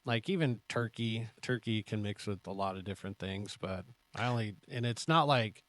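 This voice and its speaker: This podcast co-host has a fairly low, slightly bright voice, recorded dry, and talks at a moderate pace. He keeps the casual chat light with jokes and moves the show along by jumping to the next question.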